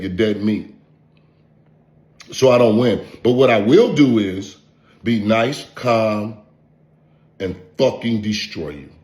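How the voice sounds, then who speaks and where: A man's voice: fairly low pitch, a little mellow. Man, confrontational vlog rant, profane taunting, repeats insults, roomy echo. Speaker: online content creator.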